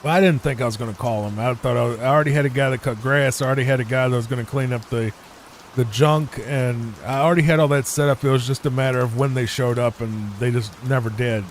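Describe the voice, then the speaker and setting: Male gaming host, mid pitch, loose rambling storyteller, faint rain noise in the background. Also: steady tone, fast talker. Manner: rambling, conversational, frequent restarts. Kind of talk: relaxed storytelling over gameplay.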